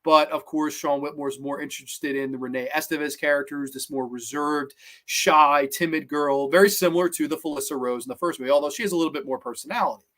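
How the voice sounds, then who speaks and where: A man hosting a horror movie review vlog, talking casually in an excitable, rambling and profane way. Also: a little high, quick pace.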